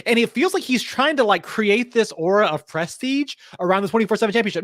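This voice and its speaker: A man's voice: high voice, very animated, quick pace, hardly any pauses, a bit bright, no room sound. A man co-hosting a podcast, giving his opinions in a wry, casual way with lots of rhetorical questions. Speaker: podcast co-host.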